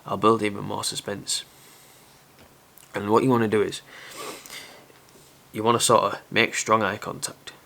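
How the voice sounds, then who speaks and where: A young man with a fairly low voice gives frank dating advice straight to camera. His talk is loose and chatty, candid and a little self-aware. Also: little pitch movement, a little slow, gravelly, long pauses, bright, forceful tone. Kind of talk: casual advice monologue to camera.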